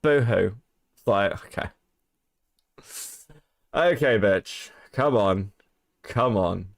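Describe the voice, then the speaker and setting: A man's voice: fairly low pitch, slow pace, vocal fry, dry recording, clean studio sound. A man co-hosting a livestream, mocking and profane, laughing often as he reads out donations. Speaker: podcast co-host. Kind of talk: livestream commentary.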